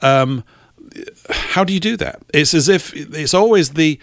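A man hosting a casual talk show from a studio, telling stories in an animated, wry and emphatic way. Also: a little high, measured pace, no room sound. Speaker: radio host. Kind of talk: casual chat.

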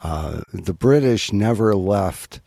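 A man's voice: on the low side, animated, slow pace, gravelly, warm tone, no room sound, clean studio sound. A man speaking as a guest in a casual podcast chat, assertive and matter-of-fact.

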